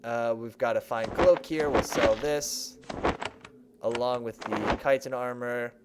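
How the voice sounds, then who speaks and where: This chatty young streamer thinks aloud and pokes fun at himself while giving casual let's-play commentary on a desk microphone. His mid-range voice has fairly even intonation and a measured pace, beneath heavy background noise.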